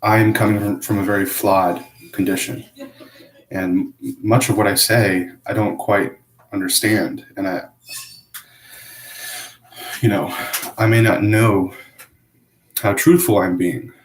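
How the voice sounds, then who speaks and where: A man talking to camera in a hesitant, self-critical confessional monologue, full of pauses and restarts. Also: on the low side, little pitch movement, reverberant, poor audio. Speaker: vlogger.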